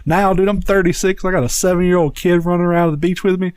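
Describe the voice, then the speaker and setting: A man in his thirties with a slightly nasal tone and a faint southern twang, spinning long, profane stories in casual podcast chat. His voice sits a touch high, and the close mic sounds dry and free of room sound. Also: fairly even intonation, fast, darkish tone, smooth, no echo. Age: 30s. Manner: rambling, profane storyteller. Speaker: podcast co-host.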